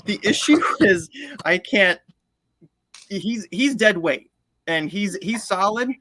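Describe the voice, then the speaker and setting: A man's voice: high-pitched, lively intonation, slow pace, bright, forceful tone, dry recording. A man in his twenties hosting a podcast interview, telling stories eagerly and often stammering and repeating words. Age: 20s. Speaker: podcast host. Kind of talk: casual interview chat.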